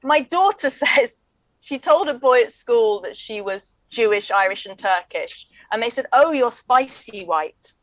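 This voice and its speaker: A woman, chatting as a comedian guest in a quick, wry, joking way. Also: a little high, dry recording, poor audio. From England. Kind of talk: casual chat.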